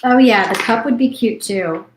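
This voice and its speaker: A woman's voice: fairly high pitch, moderate pace, echoey room, a little hiss or hum, poor audio. A woman, hosting a crafting livestream and chatting casually as she paints. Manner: chatty, thinks aloud while painting. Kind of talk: casual live crafting chat.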